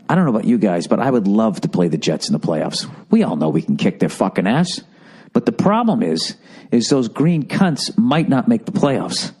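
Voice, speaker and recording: A man's voice: on the low side, sing-song, normal speed, a little mellow, husky. A man hosting a podcast, delivering a profane, sarcastic comic rant, mocking and riffing loosely. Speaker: podcast host.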